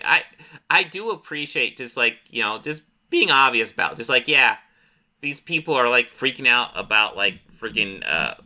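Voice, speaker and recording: A man's voice: fairly low pitch, sharp tone. A man casually recapping comic book stories, rambling and profane, briefly acting out the characters. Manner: rambling, profane, acts out characters in quick voices.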